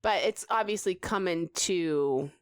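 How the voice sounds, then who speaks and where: A woman's voice: on the low side, measured pace, clean tone, no echo, clean studio sound. A woman from Nebraska hosting a podcast, asking her guests questions in a giggly, curious way. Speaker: podcast host. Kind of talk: casual interview.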